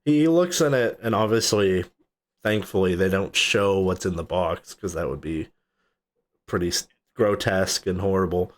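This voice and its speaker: A man's voice: sits low, moderate pace. A man co-hosting a podcast, rambling casually about a film, swearing and laughing as he retells scenes. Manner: rambling, swears casually, laughs often, acts out movie quotes. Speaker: podcast co-host. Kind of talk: casual movie chat.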